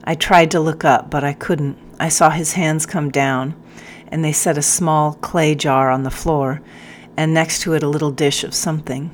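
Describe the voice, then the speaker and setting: A woman narrating a first-person audiobook in a measured, earnest way. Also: low-pitched, fairly even intonation, a little hiss or hum.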